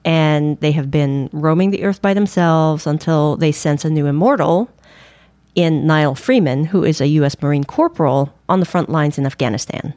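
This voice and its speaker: A woman's voice: deep voice, normal speed, darkish tone, no echo. A woman co-hosting a podcast, leading a casual, eager discussion of a film. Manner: leads the discussion, chatty and eager. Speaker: podcast co-host. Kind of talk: casual movie review chat.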